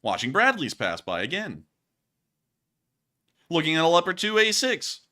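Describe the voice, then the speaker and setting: A man's voice: fairly high pitch, wildly swooping pitch, normal speed, pushed and bright. A man casually commenting over war footage as host, joking and rambling and laughing at his own slips. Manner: jokey, rambling, laughs at himself.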